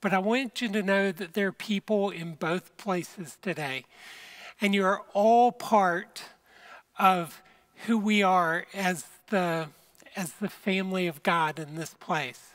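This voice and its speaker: Slow, earnest pastor giving a sermon. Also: medium pitch, a bit bright. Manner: earnest, unhurried, speaks to viewers directly. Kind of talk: conversational sermon.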